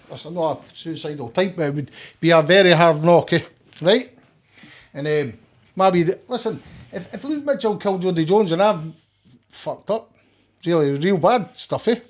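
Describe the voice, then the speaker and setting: A man's voice: a little high, normal speed. An older Scottish man talking as a podcast guest, blunt and rambling, with frequent swearing. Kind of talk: casual conversation.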